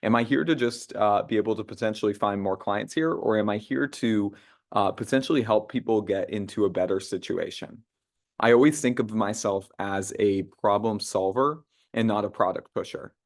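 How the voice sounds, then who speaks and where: A man's voice: fairly low pitch, moderate pace. A young man running an online sales training call, talking casually with lots of fillers and restarts. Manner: conversational, many "uh" fillers and restarts, acts out sample phone lines. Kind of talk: casual team training talk.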